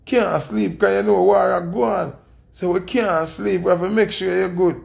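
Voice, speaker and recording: A Jamaican man putting on the higher, excited voice of rough street men who watch over him. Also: moderate pace. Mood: urgent, excited. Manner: excited, pitched-up retelling.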